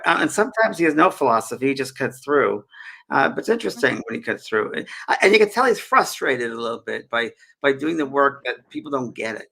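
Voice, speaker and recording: A man's voice: mid-range voice, vocal fry, sharp tone, husky. A man co-hosting a casual chat about spirits, rambling with lots of restarts. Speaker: co-host, medium.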